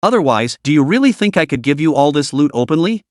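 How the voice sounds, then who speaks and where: A calm young man who never gets rattled and speaks deadpan, as a male reader voices him. The voice is somewhat high for a man, with lively pitch. It is recorded close and dry. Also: quick pace, dry recording.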